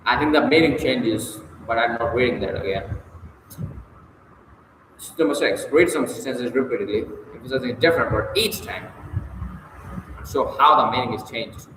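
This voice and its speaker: A man's voice: mid-range voice, fairly bright tone. A man reading a textbook aloud in short, emphatic bursts, then answering its study questions off the cuff, sometimes hesitantly. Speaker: reader working through a textbook. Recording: very echoey room with long reverb, faint noise.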